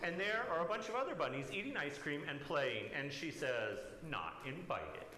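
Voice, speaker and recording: A man leading a worship service, reading a picture book aloud to children in an animated storytelling manner. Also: fairly high pitch, a little fast, noisy background. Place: church sanctuary. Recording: roomy church echo.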